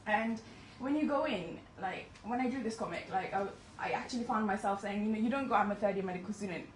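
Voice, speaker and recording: A woman's voice: medium pitch, fast talker. A woman in her twenties, a medical student, giving a chatty, self-deprecating talk to an audience and laughing often. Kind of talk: presentation to an audience. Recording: echoey room, distant mic, faint noise.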